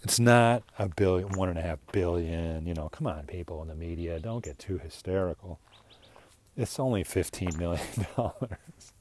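A man's voice: low voice, normal speed, darkish tone, a little hiss or hum. An older man talking through a casual commentary monologue, rambling and chuckling. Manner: rambling, chuckling, slips into mocking voices. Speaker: political commentator.

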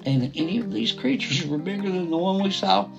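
Gravelly middle-aged man telling a story. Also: high voice, lively intonation, brisk, dull audio. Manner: rambling, with restarts and asides; quoting others in a plain voice. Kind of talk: first-person story narration. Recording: soft guitar music behind.

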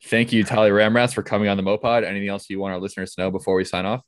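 A man hosting a casual podcast, playfully running segments and firing off quick questions. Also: on the low side, level tone, no echo, clean studio sound. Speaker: podcast host.

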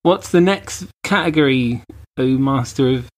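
A man's voice: medium pitch, unhurried. A man co-hosting a podcast, chiming in with dry, jokey asides in casual banter. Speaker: podcast co-host.

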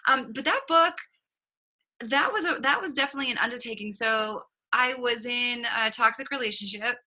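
Bright-voiced woman with a Boston accent. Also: on the high side, normal speed, poor audio. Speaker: guest, author and relationship coach. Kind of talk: conversational interview.

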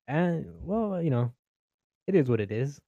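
A man's voice: fairly high pitch, very animated, unhurried, gravelly, mellow, no echo, dull audio. A young Mexican-American man doing stand-up comedy, swearing freely, laughing at his own jokes and acting out his family.

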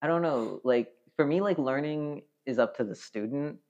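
A man's voice: fairly high pitch, normal speed, darkish tone. A man in his twenties, a podcast guest, talking in a rambling, casual way full of fillers. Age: 20s. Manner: rambling, filler-heavy, laughs easily. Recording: dull lo-fi podcast audio.

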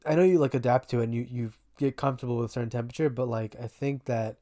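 Very low-voiced Long Island woman. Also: very fast, warm tone. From Long Island, New York. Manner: offhand, sarcastic, swears, trails off. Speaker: podcast co-host. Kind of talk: casual chat.

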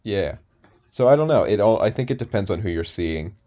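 Rambling young man with a low voice. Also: lively intonation, brisk, mellow. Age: 20s. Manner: rambling storyteller, many fillers and restarts. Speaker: podcast co-host. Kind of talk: casual chat.

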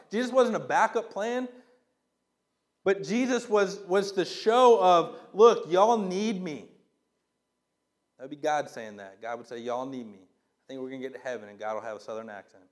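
A man preaching a sermon as a pastor, reading verses and explaining them in a conversational, emphatic way with rhetorical questions. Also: fairly high pitch.

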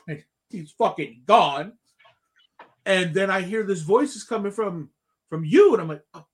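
In a casual podcast chat, a man in his thirties with a voice a touch higher than most men's tells a long, rambling personal story at a normal pace. He's animated, keeps restarting sentences, and swears freely.

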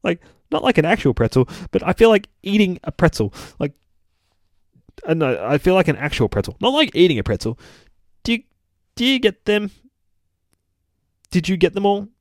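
Fields: Voice: a man doing a giddy high-pitched young superheroine. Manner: silly, rambling, excitable. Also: normal speed, long pauses, dry recording, studio quality. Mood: goofy, rambling. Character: giddy, scatterbrained young woman superhero, playful.

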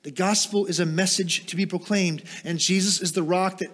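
A man preaching a sermon, asking rhetorical questions and moving into quiet, explanatory teaching with small self-deprecating asides. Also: high voice, fairly even intonation, moderate pace. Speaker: pastor.

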